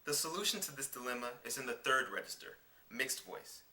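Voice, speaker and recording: Lively, bright-voiced man teaching singing. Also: medium pitch, fairly quick, recorded from a distance. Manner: clear, instructive, demonstrates scales on syllables. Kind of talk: vocal lesson with sung demonstrations. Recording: roomy sound with piano behind. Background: piano accompaniment.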